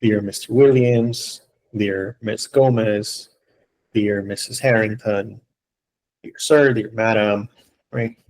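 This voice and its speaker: A man's voice: on the low side, steady tone, takes it slowly, a little mellow, low-quality recording. A man teaching an online English class, explaining patiently step by step and often checking in with his students. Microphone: computer mic on a video call.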